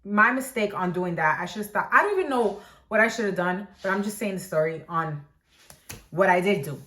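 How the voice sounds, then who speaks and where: A woman vlogger telling a story in a casual, animated way, filling it with "like" and acting out quotes. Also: medium pitch, moderate pace. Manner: animated, lots of "like", acts out quotes. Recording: echoey room.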